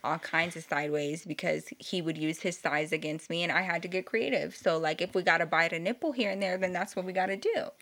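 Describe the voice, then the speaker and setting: A woman's voice: fairly low pitch, a little fast, few pauses. A young woman from Texas with a light Texan accent, chatting casually as a co-host and telling stories animatedly with frequent laughter. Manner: animated storyteller, laughs often, does voices in quotes. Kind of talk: casual chat.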